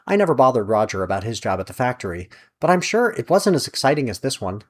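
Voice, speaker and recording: A man's voice: medium pitch, very animated, fast talker. A man voicing a middle-aged mother who has become a sea-snake familiar, polite, earnest and easily bewildered. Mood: chatty earnest.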